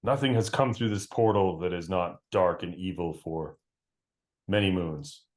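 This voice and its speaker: A man's voice: low voice, measured pace. A man voicing a suspicious male archer who leads a hidden forest guard. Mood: stern. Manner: commanding, suspicious.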